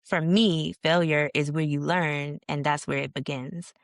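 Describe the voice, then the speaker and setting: A woman's voice: low voice, steady tone, measured pace, creaky, no echo, clean studio sound. A woman guest on a podcast, telling her story in a frank, casual way with slang and some swearing. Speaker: podcast guest, founder of a leadership organization. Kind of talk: candid conversational storytelling.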